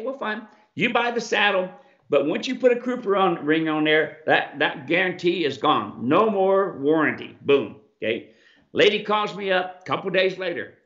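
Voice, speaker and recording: A man's voice: a little high, a bit bright. A man who owns a mule ranch, talking emphatically and folksy to viewers on a live question show, with an American accent. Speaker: mule ranch owner and saddle maker. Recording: echoey, slightly dull sound.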